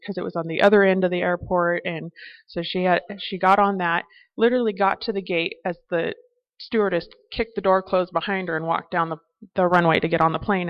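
Woman telling a lively faith story. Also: on the low side, highs cut off. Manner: animated storytelling with faith reflections. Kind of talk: personal faith testimony.

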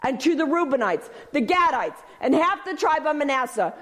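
A woman's voice: high voice, sing-song, normal speed, fairly bright tone. A woman teaching from the Bible, reading verses aloud and repeating key phrases for emphasis, asking listeners to repeat after her. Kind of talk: sermon.

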